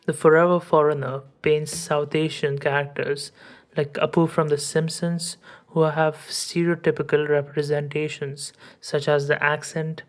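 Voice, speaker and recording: A woman podcast host reading a scripted essay in a measured, academic way. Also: low voice, little pitch movement, faint music behind.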